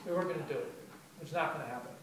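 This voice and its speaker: A man telling stories to a live audience in a chatty, animated way, full of fillers. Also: a little high, racing, far from the mic, a little hiss or hum. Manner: animated, chatty, heavy use of "like". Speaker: storyteller at a spoken-word event. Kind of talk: live storytelling talk. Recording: very echoey room taped from afar.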